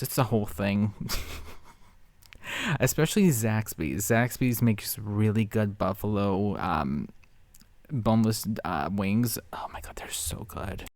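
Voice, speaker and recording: A man's voice: lowish voice, darkish tone, no room sound. A man giving casual, sarcastic commentary while reacting to a video. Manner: sarcastic, chatty.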